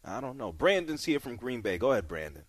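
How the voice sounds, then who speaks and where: Lively, loose-talking radio host man. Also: medium pitch, fast talker, a little hiss or hum. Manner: loose, conversational, trailing off and sighing. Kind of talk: casual sports talk. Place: radio studio. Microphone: studio mic.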